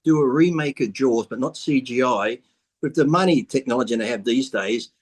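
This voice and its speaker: A man with an Australian accent, a guest in a casual podcast chat, animated and crude, swearing freely and laughing often. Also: mid-range voice, moderate pace, slightly rough.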